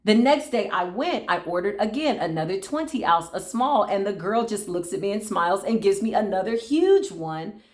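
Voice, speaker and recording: A woman's voice: medium pitch, normal speed, few pauses. A woman giving a casual spiritual talk as a reader, telling stories and acting out other voices as she goes. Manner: animated storytelling, acts out voices, laughs often. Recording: echoey room.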